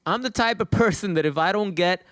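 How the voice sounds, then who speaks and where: A male host speaking to viewers in a blunt, hammering style, full of repetition and swearing. His voice is smooth and resonant, pitched a little high, and recorded dry and close. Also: brisk, fairly bright tone, dry recording. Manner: emphatic, repetitive and profane. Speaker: channel host. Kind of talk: casual monologue to viewers.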